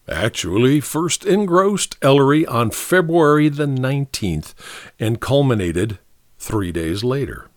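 Lively, wry male audiobook narrator. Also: medium pitch, dry recording, clean studio sound. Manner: wry, theatrical storytelling.

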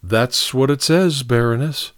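A man's voice: mid-range voice, unhurried, dry recording, close to an everyday voice. A level-headed young countrywoman who speaks in a cool, matter-of-fact way, as a male reader puts her on. The reading is dry and close to the mic. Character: cool, plain-spoken young farm woman.

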